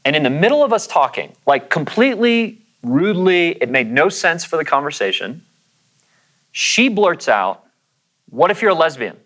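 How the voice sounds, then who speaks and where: A man's voice: on the high side, big pitch swings, moderate pace, a bit bright, low-quality recording. A man preaching a sermon in a casual storytelling way, acting out the voices of the people in his story. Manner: conversational, acts out quoted voices. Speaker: pastor.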